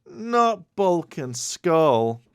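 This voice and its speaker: A man's voice: medium pitch, lively intonation, normal speed, vocal fry, dry recording, clean studio sound. A man voicing a cheerful teenage girl in a storybook reading.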